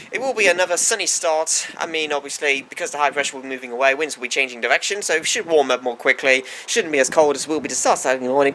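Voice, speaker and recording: A man's voice: fairly high pitch, slight background noise. A man presenting a homemade weather forecast in a put-on American accent, rambling and often restarting and correcting himself mid-sentence.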